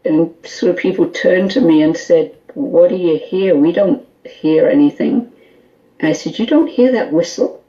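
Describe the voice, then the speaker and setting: A woman guest on a call-in radio show, telling an animated story full of quoted dialogue and small laughs. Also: sits low, a little slow, lo-fi sound. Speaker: guest, skull interpreter.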